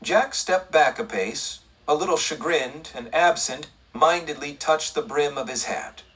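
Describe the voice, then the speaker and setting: A man narrating a western audiobook in a steady, measured reading. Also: on the high side, breathy edge, distant mic, low-quality recording.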